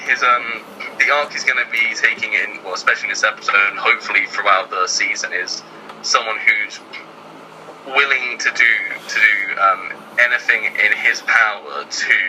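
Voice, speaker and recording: A man's voice: lowish voice, moderate pace, noisy background. A man talking as a guest writer in casual chat, hesitant and filling his speech with ums and "sort of".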